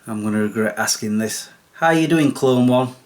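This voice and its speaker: A man hosts his own comedy vlog and chats to camera in a casual, sarcastic way. His voice sits at a medium pitch. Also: moderate pace. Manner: sarcastic, chatty. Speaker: vlogger host.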